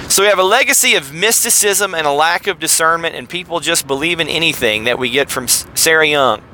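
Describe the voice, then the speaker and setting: Man, podcast host, casual commentary, wry, sardonic, bright tone. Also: on the high side, brisk, hardly any pauses. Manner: wry, sardonic, stumbling restarts.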